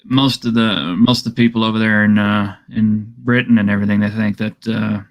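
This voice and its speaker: A man's voice: lowish voice, steady tone, fairly quick, music in the background. A man from Texas with a Texan accent, chatting casually on a podcast panel and often restarting his sentences. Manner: rambling, self-correcting. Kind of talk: casual group chat.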